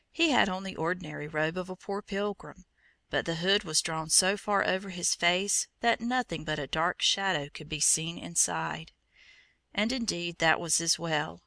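A woman narrating a children's storybook legend in a gentle, even storytelling manner. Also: lowish voice, creaky, no room sound.

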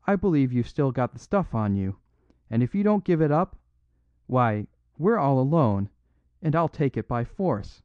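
A man's voice: medium pitch, very animated, normal speed, clean tone, no room sound, phone-quality sound, voice pushed up, close to an everyday voice. A man reading a blustering master thief. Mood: intense threatening. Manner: intense, blustering, threatening. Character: bold, swaggering master thief, forceful and menacing.

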